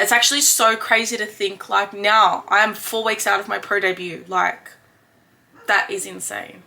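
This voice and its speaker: A woman's voice: medium pitch, little pitch movement, normal speed, creaky, bright, forceful tone. A woman in her twenties with an Australian accent, chatting casually and upbeat in a vlog, full of slang and fillers. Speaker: fitness vlogger.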